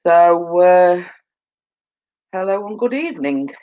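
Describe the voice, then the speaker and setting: Woman, tired, fighting off a cold, rambling, very slow, dull lo-fi sound. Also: on the low side, animated. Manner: rambling, filler-heavy, repeats "as I say". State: tired and yawning, coming down with a cold. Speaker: livestream host. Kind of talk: casual chat. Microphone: phone.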